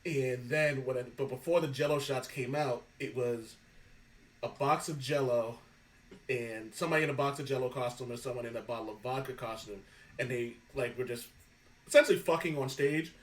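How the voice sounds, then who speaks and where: A man hosting a podcast, telling animated stories in casual chat, swearing freely and laughing often. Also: medium pitch, moderate pace, distant mic, rough recording. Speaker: podcast host.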